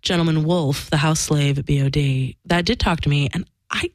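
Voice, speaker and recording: Her voice is slightly low, with fairly even intonation and a moderate pace, as she candidly and emphatically recounts a personal story. She swears freely and performs the quoted dialogue, in a dry, close recording with no room sound.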